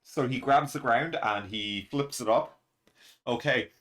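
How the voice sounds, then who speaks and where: A man hosting a chapter reaction in a loose, rambling way. He talks at an ordinary middle pitch, gets excited, laughs a lot and leans on plenty of fillers. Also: unhurried. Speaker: manga reaction channel host. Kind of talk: casual reaction and review commentary.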